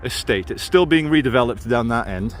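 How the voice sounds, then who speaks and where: A man's voice: mid-range voice, lively intonation, fairly quick, a little hiss or hum. A man filming a walking vlog outdoors in a city, giving jokey, chatty tour-guide commentary. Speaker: vlogger.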